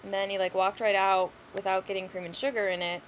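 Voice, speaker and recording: A woman's voice: mid-range voice, level tone, quick pace, a little hiss or hum, low-quality recording. Sweary young woman ranting casually. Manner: blunt, sweary, exasperated storytelling. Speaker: vlogger.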